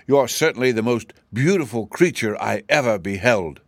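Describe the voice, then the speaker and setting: A man's voice: medium pitch, expressive, moderate pace, no echo, studio quality. A man voicing a living wooden sawhorse, earnest and simple, sometimes hesitant. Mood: meek. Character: wooden male sawhorse, proud yet meek.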